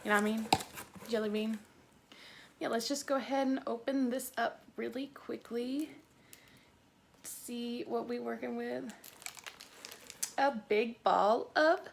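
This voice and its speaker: A young woman from Tennessee with a Southern accent, chatting excitedly through a plant unboxing on her vlog. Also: high voice, a little slow. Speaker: plant YouTuber.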